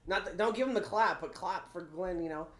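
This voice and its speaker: A man's voice: high-pitched, fairly quick. Laid-back man chatting in a roomy space. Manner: laid-back, swears, laughs often. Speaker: podcast co-host. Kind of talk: casual chat.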